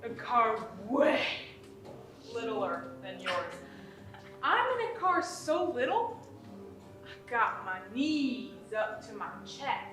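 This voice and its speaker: A woman playing a boastful male party guest in a stage comedy sketch, one-upping in a drawn-out way. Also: on the high side, very animated, recorded from a distance, music in the background. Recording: echoey room.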